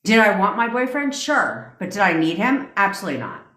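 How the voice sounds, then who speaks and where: A woman's voice: medium pitch, very animated, fairly quick, a bit bright, reverberant. Profane, blunt woman ranting on a livestream. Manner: profane, blunt and mocking, answers chat comments. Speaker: manifestation coach. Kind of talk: casual livestream rant.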